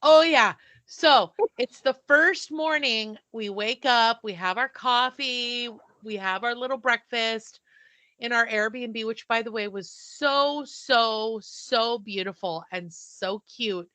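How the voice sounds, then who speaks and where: A woman co-hosting a podcast, telling a story in a casual, animated way and acting out the dialogue. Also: fairly high pitch, slow, no echo. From not from the South. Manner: animated, breathless retelling with quoted dialogue. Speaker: podcast co-host.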